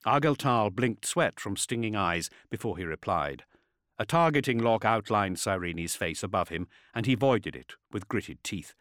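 A man reading a novel aloud as narrator, measured and expressive, sinking to a hushed intensity. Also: lowish voice, no room sound, clean studio sound. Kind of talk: audiobook narration.

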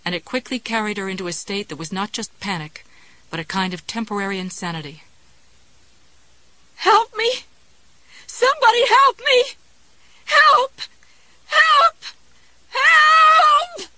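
A woman reading a suspense novel aloud as audiobook narration in a steady, measured way. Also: mid-range voice, no room sound, low-quality recording. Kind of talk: scripted narration.

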